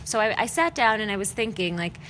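A woman with a bright, forward voice hosts her own show, telling personal stories in a candid monologue. She is frank and self-deprecating and swears casually. She acts out what she and others said along the way. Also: medium pitch, a little fast, slight background noise. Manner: expressive storytelling with acted-out quotes. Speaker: podcast host.

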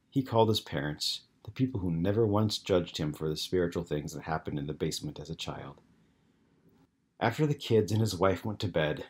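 A man narrating an audiobook in a calm, even storytelling manner. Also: low voice, slightly rough. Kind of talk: scripted narration.

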